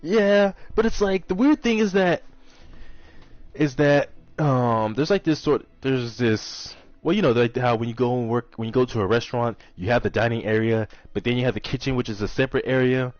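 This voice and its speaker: A man's voice: medium pitch, moderate pace, a little mellow, dry recording. A man who works as a kitchen server, casually telling a rambling, exasperated story about work. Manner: rambling, exasperated retelling with acted-out quotes. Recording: dull lo-fi audio with faint music.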